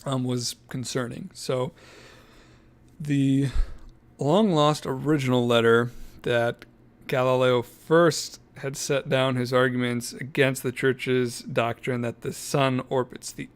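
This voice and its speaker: A man co-hosting a podcast, reading from his notes in a casual, joking way and laughing mid-sentence. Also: mid-range voice. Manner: jokey, self-deprecating, laughs mid-sentence. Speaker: podcast co-host.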